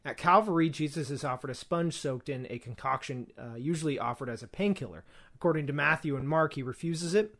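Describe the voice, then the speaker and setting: Young guy on a podcast reading notes, kinda high voice, lots of uh and restarts. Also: a little fast, a bit bright. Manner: reads notes with frequent fillers and restarts. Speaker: podcast co-host. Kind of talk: casual podcast reading and discussion.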